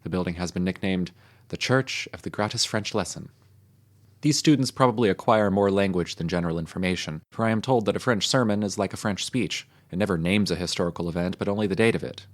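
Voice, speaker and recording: A man reading historical texts aloud in a measured, even manner. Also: low-pitched. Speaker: reader.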